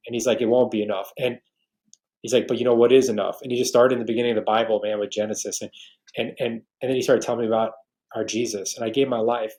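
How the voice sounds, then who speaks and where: A man's voice: mid-range voice, steady tone, quick pace, a little mellow. A man in his forties from New York, a podcast guest, telling an emotional faith story with many restarts. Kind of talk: earnest faith testimony.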